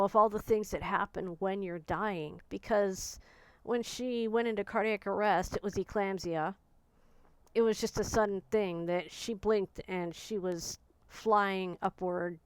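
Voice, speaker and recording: Smooth-voiced woman in her forties, reflective. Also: mid-range voice, steady tone, dry recording. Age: 40s. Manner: soft, searching, halting speech with frequent restarts. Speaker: vlogger. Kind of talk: personal reflective monologue.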